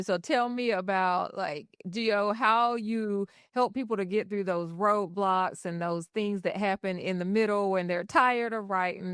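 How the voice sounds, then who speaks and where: A woman's voice: mid-range voice, smooth, no room sound, studio quality. A woman hosting a podcast who asks her guests questions in an encouraging, upbeat way. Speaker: podcast host. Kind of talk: interview questions.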